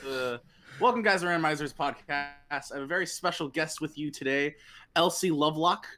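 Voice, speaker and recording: A man hosting a casual podcast, excitable and fumbling through introductions. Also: fairly high pitch, a little fast. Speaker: podcast host.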